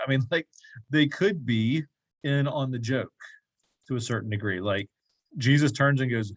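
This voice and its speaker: A man's voice: mid-range voice, normal speed, dry recording. Casual man teaching a bible study. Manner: conversational, asks the group questions, jokey asides. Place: church classroom.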